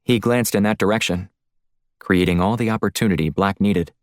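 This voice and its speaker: Low voiced guy reading a spy thriller audiobook, steady pace, dry close mic. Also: fairly quick, no room sound. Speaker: audiobook narrator. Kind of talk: scripted narration.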